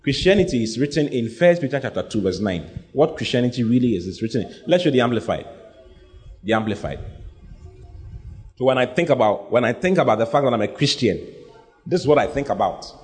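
A man's voice: medium pitch, expressive, a little fast, a little mellow. A man preaching a sermon, speaking emphatically, repeating his lines and having the congregation say them back. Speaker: pastor.

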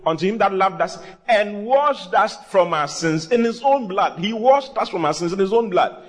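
A male preacher delivers a lively sermon to a congregation that answers back. His voice sits a little high for a man, and he mixes scripture with teasing, humorous asides and repeated lines. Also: normal speed. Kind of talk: sermon with call and response. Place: church with a live congregation.

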